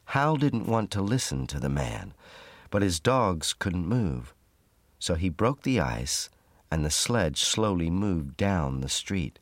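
A man reading a simple storybook aloud in a measured, clear narration for learners. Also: low voice, very animated, no room sound.

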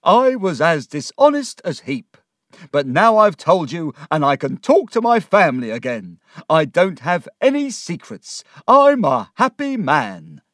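A man voicing an excitable middle-aged gentleman in a storybook reading, theatrical and swelling with feeling. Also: a little high, a little slow, no echo, clean studio sound, voice pushed up. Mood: elated. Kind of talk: audiobook character reading.

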